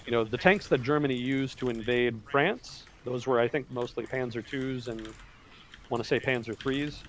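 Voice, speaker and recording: A man's voice: medium pitch, normal speed, a bit bright, a little hiss or hum. A man hosting a livestream, talking casually about history, rambling and correcting himself as he thinks aloud. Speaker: livestream host.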